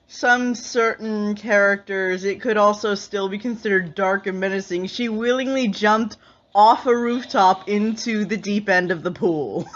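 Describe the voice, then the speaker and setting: A woman's voice: mid-range voice, a bit bright. A woman giving casual, sarcastic reaction commentary and laughing often. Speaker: reaction video host. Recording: slightly muffled lo-fi recording.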